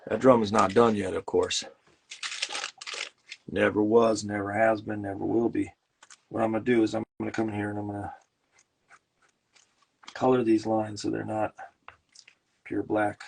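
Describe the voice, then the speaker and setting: A man hosting a casual live stream while painting, telling a rambling, joking tall tale with many halting restarts. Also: lowish voice, little pitch movement, creaky, slight background noise. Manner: halting, full of fillers and restarts. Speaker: host and illustrator.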